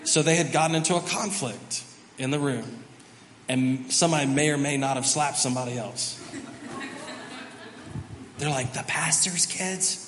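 A man, the pastor, telling a family story during a sermon, animated and self-mocking. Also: medium pitch, normal speed, long pauses. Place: large church auditorium. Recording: reverberant hall, faint background noise.

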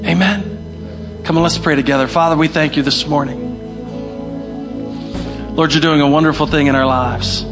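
A man's voice: on the high side, steady tone, normal speed, long pauses, over music. A young male pastor preaching a sermon, emphatic and repeating his key phrases. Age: young adult. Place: church hall.

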